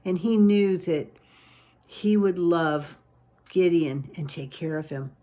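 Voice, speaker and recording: A woman's voice: lowish voice, takes it slowly, mellow. A woman telling a family adventure story aloud in a homey, rambling way, full of "and, uh" restarts. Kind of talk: unscripted read-aloud storytelling.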